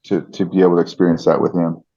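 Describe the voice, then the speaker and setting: On dull, lo-fi podcast audio, a middle-aged male fight announcer shares stories as a guest in a casual interview. His deep voice has a level, warm tone with a breathy edge, and he talks quickly, earnest and reflective, restarting often.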